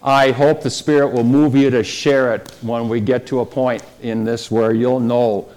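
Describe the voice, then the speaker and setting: A man's voice: mid-range voice, fairly even intonation, measured pace, few pauses, a little mellow. Male pastor, conversational sermon delivery, medium voice.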